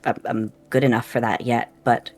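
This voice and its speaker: A player at a live tabletop game who speaks hesitantly, with many pauses and ums. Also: mid-range voice, level tone, darkish tone. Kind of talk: casual play at a tabletop game on a stream.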